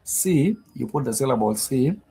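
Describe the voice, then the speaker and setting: A man teaching a live-streamed Swahili grammar lesson, explaining slowly and repeating himself with many fillers and restarts. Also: medium pitch, animated, gravelly, warm tone, husky, low-quality recording.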